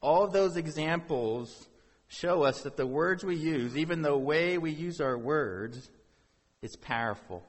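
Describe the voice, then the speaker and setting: A man's voice: a little high, expressive, measured pace, big-room sound. A man preaching a sermon as pastor, talking to the congregation in a conversational way with rhetorical questions.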